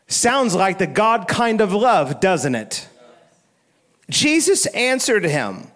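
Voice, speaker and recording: A middle-aged pastor preaching a sermon, telling stories in a relaxed, conversational way with restarts and chuckles. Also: male voice, high voice, slow. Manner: conversational storytelling with frequent laughs and restarts.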